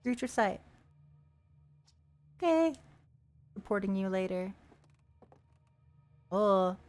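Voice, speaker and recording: A woman's voice: medium pitch, expressive, slow, darkish tone. A woman streamer giving playful, chatty gameplay commentary and reading in-game text aloud with joking asides.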